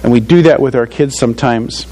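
A man's voice: mid-range voice, brisk, mellow, poor audio. An older man preaching a sermon to fathers in a conversational, earnest way, often saying "you know" and chuckling at his own stories. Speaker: pastor.

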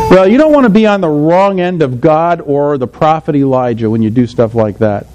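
A man's voice: a little high, expressive, normal speed, darkish tone, slight background noise, poor audio. A man preaching a sermon in a conversational way, often asking his listeners questions.

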